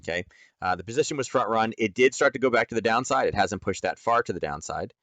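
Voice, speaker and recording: He's a trading educator with a voice on the low side, a quick pace, and a slightly bright tone, recorded dry. During his nightly live chart lesson, he chats loosely with viewers, often saying "um" and "like."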